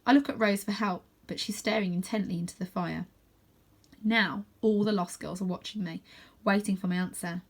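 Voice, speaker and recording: A woman reading a children's novel aloud, with calm, steady first-person narration. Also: mid-range voice, normal speed. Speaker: storybook reader.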